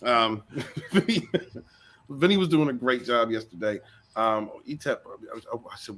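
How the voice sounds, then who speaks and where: A man hosting a casual online panel chat, joking and animated, often talking over the others. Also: mid-range voice, moderate pace, a little hiss or hum. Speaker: host.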